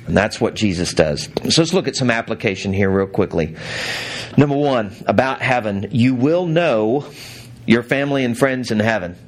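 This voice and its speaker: Man preaching a lively storytelling sermon. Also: mid-range voice, normal speed. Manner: storytelling with laughs and acted quotes. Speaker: pastor.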